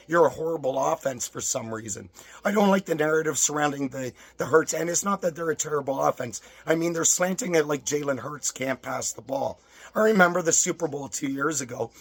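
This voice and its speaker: Brief: hoarse, strained man, sports tipster reading stats, dry close sound. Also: on the high side, no echo. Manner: rattles off stats in list form. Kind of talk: casual betting picks and rant.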